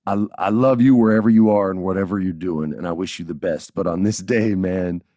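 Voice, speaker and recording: A man in his forties hosting a podcast, telling stories in a lively, joking way and laughing as he goes. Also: low-pitched, fairly quick, no room sound, clean studio sound. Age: 40s. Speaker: podcast host. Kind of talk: casual storytelling podcast.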